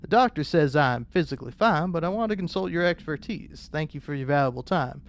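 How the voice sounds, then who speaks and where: A man's voice: on the high side, animated. A man voicing a formal letter-writer troubled by vivid dreams, in a put-on British accent. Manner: formal, measured reading.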